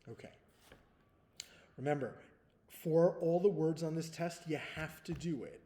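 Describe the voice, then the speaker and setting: A man's voice: a little high, warm tone. A male first-grade teacher giving a recorded spelling test to young children, patient, often checking in with "okay?" after each step.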